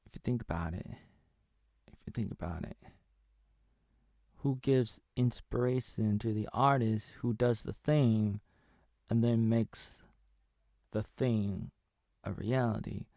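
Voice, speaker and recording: A man in his thirties talks to his camera in a slow, meandering comic monologue full of absurd tangents. His voice has a gravelly rasp. The sound is dry and close. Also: fairly low pitch, warm tone, dry recording. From Oregon, USA. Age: 30s. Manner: playful, absurd, drifts into whispers and silly voices. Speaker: video creator.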